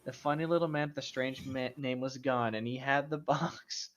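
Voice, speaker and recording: A podcast co-host reading a silly story aloud in an amused, steady way. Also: mid-range voice, normal speed. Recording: dull lo-fi sound.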